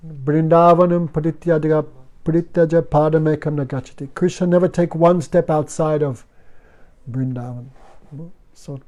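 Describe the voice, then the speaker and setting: Teaching students in a devotional class, this fairly high-voiced man keeps a moderate pace, fairly even intonation, and a slightly mellow sound. His broken English comes in short, simple phrases, interrupted by chanted verses, and his tone remains patient as he explains.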